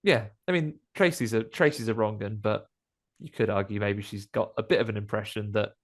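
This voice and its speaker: A man, a podcast host, casually recapping a horror film with jokes and quick voices for the characters. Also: on the low side. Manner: jokey recapping, acts out characters in quick asides.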